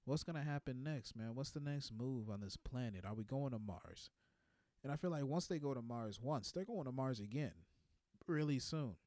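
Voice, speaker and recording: A man's voice: mid-range voice, lively intonation, normal speed, warm tone, no room sound, studio quality. A man in his twenties doing a rambling comedic monologue, laid-back and tagging his lines with "man". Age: 20s.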